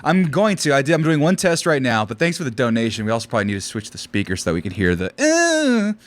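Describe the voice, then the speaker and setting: A man co-hosting a casual livestream podcast, excitedly reading out chat and donations. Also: mid-range voice, rapid-fire, dry recording. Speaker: podcast co-host.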